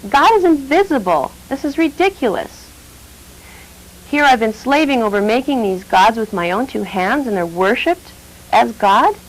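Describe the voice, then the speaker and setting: A woman's voice: a little high, animated, normal speed, poor audio. A woman voicing a clever young man, Abraham, who talks slyly and innocently. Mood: exasperated. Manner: sly, mock-innocent.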